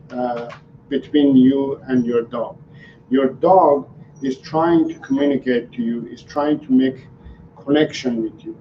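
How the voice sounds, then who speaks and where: A man's voice: medium pitch, a little hiss or hum. A male dog trainer answering viewer questions live, explaining in an earnest, repetitive way. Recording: roomy, slightly dull livestream audio.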